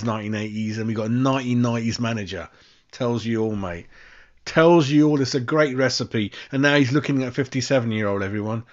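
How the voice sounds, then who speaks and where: A man's voice: mid-range voice, a bit bright, highs cut off. A young man with a London accent hosts a live fan stream, swearing and ranting in exasperation, calling his listeners "mate.". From West London. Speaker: fan channel host. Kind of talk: casual live-stream rant.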